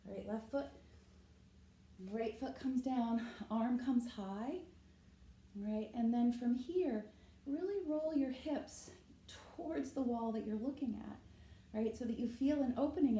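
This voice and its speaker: In this guided yoga class, the female instructor demonstrates poses while talking, often checks in with "right?", and sounds slightly winded. Her voice is on the high side, mellow, and a little slow. The rough recording has a roomy sound.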